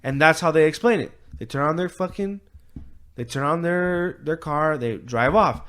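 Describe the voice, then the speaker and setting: A man's voice: on the high side, moderate pace, a bit bright. A man co-hosting a podcast, retelling a story in a loose, profane, rambling way, full of filler words and quoted voices. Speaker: podcast co-host. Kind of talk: casual chat, retelling a story.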